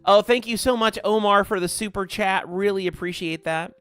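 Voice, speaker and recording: A man hosting a gaming livestream, chatting casually and warmly thanking viewers by name as he reads their comments. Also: sits high, normal speed, clean tone. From American South.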